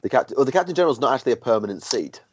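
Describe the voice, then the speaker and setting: A man's voice: medium pitch, animated, very fast, muffled recording. A man with a Yorkshire accent from Barnsley, hosting a casual podcast chat and asking questions. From England. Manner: conversational, asks questions, hums filler tunes. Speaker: podcast host.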